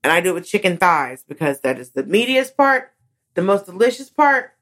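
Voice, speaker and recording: A woman comedian, a guest in a studio, chatting casually. Her speaking voice sits on the low side, and she tells stories with plenty of animation, jumping up in pitch whenever she acts out a moment. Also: fairly quick. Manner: animated storyteller, swoops high when acting out moments. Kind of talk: casual interview chat.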